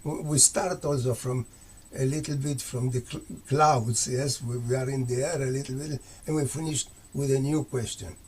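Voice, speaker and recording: A man's voice: mid-range voice, steady tone, moderate pace, a little mellow, a little hiss or hum. A man responding in an academic panel discussion, explaining with rising phrases.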